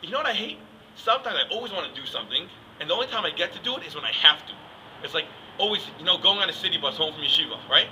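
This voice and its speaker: A man's voice: on the high side, lively intonation, racing, sharp tone, slight background noise, rough recording. A young man, rambling through a casual comic rant with many "like"s and "I mean"s. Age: young adult. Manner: rambling, joking, full of "like" and "I mean". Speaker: yeshiva student comic.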